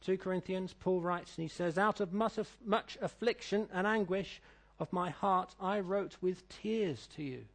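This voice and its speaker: A middle-aged British man preaching a sermon, reading scripture and telling stories, swinging between loud declaiming and quiet asides. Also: high voice, measured pace. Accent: British English. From Britain.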